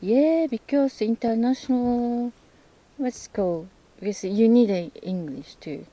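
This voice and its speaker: A woman speaking hesitant, non-native English in a casual chat, often pausing to search for words. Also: on the high side, warm tone, low-quality recording. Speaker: host, English learner.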